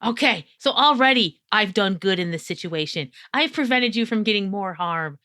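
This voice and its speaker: A woman playing in a tabletop game, excitable and quick to shout and laugh. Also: mid-range voice. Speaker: player. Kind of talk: tabletop role-play banter.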